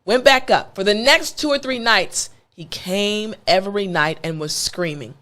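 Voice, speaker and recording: A woman's voice: medium pitch, measured pace, bright, forceful tone. A woman with an American accent, an English teacher telling a story in a playful, conversational way. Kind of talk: storytelling lesson.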